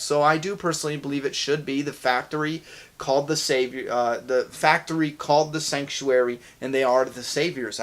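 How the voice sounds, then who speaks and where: A man hosting a casual fan Q&A video, talking in an excited, rambling way with quick asides. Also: mid-range voice. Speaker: channel host answering viewer questions.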